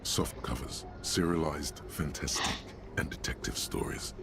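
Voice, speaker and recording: A man voicing a solemn game narrator with measured, dry, wordy scripted narration. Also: a bass voice, background noise.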